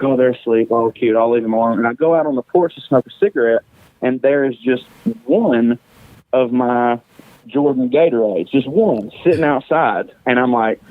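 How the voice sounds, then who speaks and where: A man's voice: medium pitch, no room sound, phone-quality sound. A man guesting on a podcast, telling a story casually, profane and self-mocking, laughing often.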